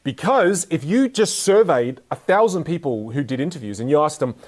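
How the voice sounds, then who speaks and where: Young male speaker, energetic and joking, teaching communication to a live audience. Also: fairly high pitch, normal speed, few pauses. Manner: energetic, playful, jokes with the audience. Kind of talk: live motivational talk to an audience.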